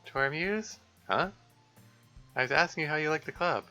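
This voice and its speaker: A man voicing a cheerful, caring teenage schoolgirl in a high, sing-song voice while reading a visual novel aloud. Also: moderate pace, bright, forceful tone, soft background music. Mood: curious.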